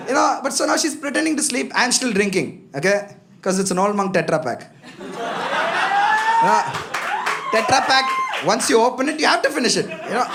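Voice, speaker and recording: On a comedy club stage, a young man does a chatty, self-mocking stand-up set, often addressing the crowd directly. His very high voice swings widely in pitch at a moderate pace with long pauses, while loud audience laughter and background noise fill the live recording.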